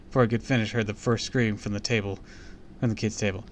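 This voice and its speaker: A man's voice: on the low side, level tone, fast talker, slight background noise. A man reading a book aloud on a live stream, with small slips and casual asides to his chat.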